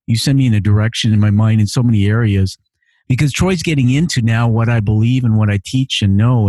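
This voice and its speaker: This podcast host, a man who immigrated to Canada, has a low, dark voice. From his living-room home studio, with no echo, he reads out listener messages with heartfelt emotion and frequent repetition.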